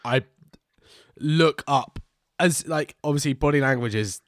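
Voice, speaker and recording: A man playing in a tabletop role-playing game, voicing his frightened character in jumpy, high bursts. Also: unhurried, no room sound, clean studio sound. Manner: acts out panicked character lines. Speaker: player.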